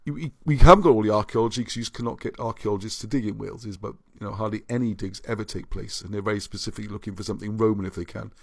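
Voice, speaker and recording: A man's voice: on the low side, steady tone, very fast, gravelly, few pauses, breathy edge, no room sound. A man hosting a livestream and reading out viewer comments, rambling and often restarting his sentences. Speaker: livestream host.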